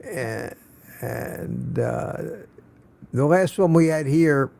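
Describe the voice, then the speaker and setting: Older man as a weary live-stream host, casual and halting, a little high-pitched. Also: vocal fry, mellow. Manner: halting, many restarts and fillers. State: tired.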